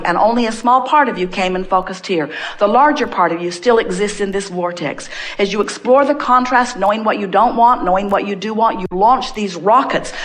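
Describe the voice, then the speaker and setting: A woman giving an inspirational talk to an audience as a spiritual teacher. She speaks as a collective "we", repeats phrases for emphasis and stretches out key words. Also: medium pitch.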